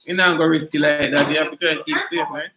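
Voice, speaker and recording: A Jamaican man co-hosting a vlog with his wife, answering in short, halting phrases. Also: fairly high pitch, level tone, echoey room, background noise. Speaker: co-host husband. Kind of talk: casual chat.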